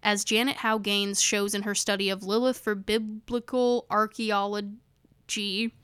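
A woman's voice: medium pitch, flat delivery, a little slow, a bit bright, clear, resonant tone, no room sound. Chatty woman podcaster reading aloud. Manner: rambling, laughs often, stumbles over words while reading. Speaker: podcast co-host.

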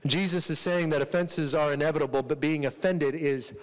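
A man's voice: on the high side, normal speed, hardly any pauses, long reverb tail, low-quality recording. A male pastor preaching a casual sermon, joking with the congregation and acting out quoted voices.

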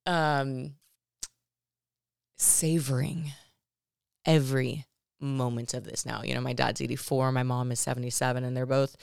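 A woman's voice: a bass voice, fairly even intonation, unhurried, gravelly, pauses often, darkish tone, clear, resonant tone, no room sound, clean studio sound. A woman hosting her own podcast, talking earnestly and emotionally about her life, with lots of fillers and restarts. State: near tears at times. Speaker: podcast host. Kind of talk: personal reflective monologue.

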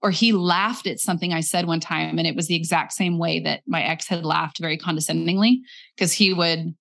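A woman's voice: deep voice, fairly even intonation, a little fast, vocal fry, a bit bright. A young adult woman telling a personal story in a candid, reflective way, acting out quoted lines as she goes. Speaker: guest.

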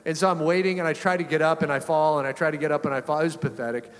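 A male pastor preaches with a loose, chatty storytelling manner and often chuckles mid-sentence. His voice sits a little higher than most men's. Each phrase rings out with a long reverb, as in a large church hall. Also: very fast. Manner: conversational, animated, chuckling often. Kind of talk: storytelling sermon.

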